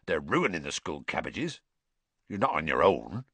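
A man voicing a huge, gruff male gamekeeper who growls his words. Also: a bass voice, very animated, normal speed, pushed and bright, no echo, pitched below the performer's own voice, full character voice.

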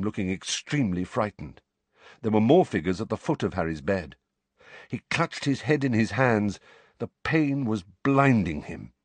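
A man reading a novel aloud as an audiobook narrator, with dramatic, expressive storytelling. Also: on the low side, husky, dry recording. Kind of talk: scripted narration.

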